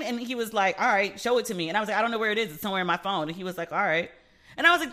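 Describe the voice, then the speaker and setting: A man's voice: sits high, fast, pushed and bright. A man hosting a casual solo podcast, talking candidly, swearing freely and acting out both sides of past conversations. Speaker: podcast host; relationship advice podcaster.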